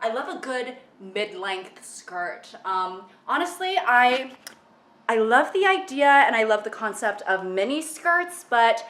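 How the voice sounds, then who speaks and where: A woman's voice: a little high, sing-song, takes it slowly, fairly bright tone. A woman vlogging casually at home while doing her makeup, rambling and joking crudely, filmed on a camera mic that is sometimes far from her. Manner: chatty, rambling, crude jokes, lots of fillers. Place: room at home. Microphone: camera mic, at times far from it. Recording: echoey home room.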